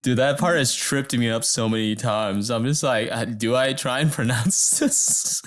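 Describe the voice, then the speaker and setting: A young man chatting on a podcast at a mid-range pitch, rambling freely with filler after filler. He talks loosely and keeps peppering his sentences with "dude". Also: measured pace. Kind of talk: casual chat.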